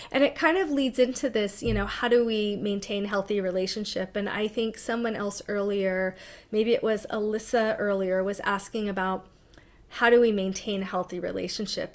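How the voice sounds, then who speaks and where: Woman therapist talking through a webinar. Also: on the high side. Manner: conversational, warm-hearted advice with frequent fillers and restarts. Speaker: psychotherapist giving a talk. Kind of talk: informal webinar presentation.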